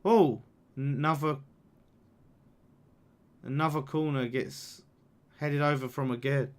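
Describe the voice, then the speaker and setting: A man's voice: on the high side, fairly even intonation, takes it slowly, smooth. A young man hosting a live football watchalong, reacting to the game, swearing and reading out viewer messages. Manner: chatty, swears, reacts loudly to the game and reads super chats. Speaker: fan channel watchalong host. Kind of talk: live match watchalong commentary.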